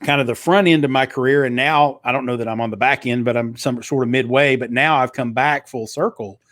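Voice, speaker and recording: A man's voice: medium pitch, steady tone, brisk, fairly bright tone, no echo, clean studio sound. A middle-aged man from Eastern Kentucky with a slight twang, a former radio broadcaster speaking fluently as an interview guest. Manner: fluent, polished broadcaster delivery with frequent restarts. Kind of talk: casual interview conversation.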